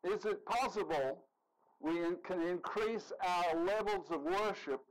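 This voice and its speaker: A man's voice: sits high, unhurried, poor audio. Joking, conversational male preacher. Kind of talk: sermon.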